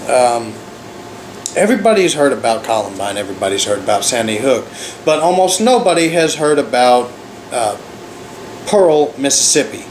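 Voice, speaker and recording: A man's voice: medium pitch, very animated, normal speed, reverberant, a little hiss or hum, low-quality recording. Sarcastic, profane ranting man vlogger. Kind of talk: ranting commentary.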